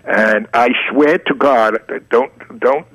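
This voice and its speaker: A man's voice: medium pitch, slow, a bit bright. A man in his eighties, a guest on a radio interview, telling stories and acting out old conversations. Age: 80s. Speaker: guest, advertising art director. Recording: lo-fi radio recording.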